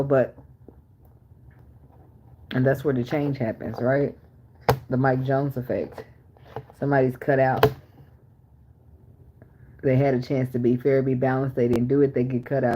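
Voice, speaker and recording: A woman's voice: extremely low pitch, steady tone, a little slow, long pauses, background noise. A woman, giving a tarot reading as casual talk, blunt and profane, full of rhetorical questions. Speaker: tarot reader. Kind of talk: casual spiritual reading and rant.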